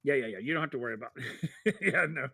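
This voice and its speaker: A man's voice: medium pitch, animated, fast talker, pushed and bright, slightly rough, no room sound. A man narrating a tabletop game as game master, chatty, laughing often and full of fillers.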